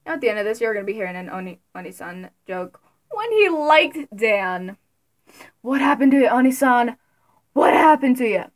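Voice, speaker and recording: A young woman vlogging casually about her favorite creators, giggly and excitable, with sudden loud bursts. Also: on the high side, normal speed. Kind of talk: casual fan commentary.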